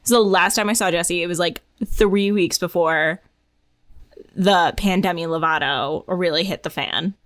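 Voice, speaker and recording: A woman co-hosting a podcast in casual chat. She is excitable, giggly and chatty. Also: on the low side, measured pace, dry recording, clean studio sound. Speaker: podcast co-host.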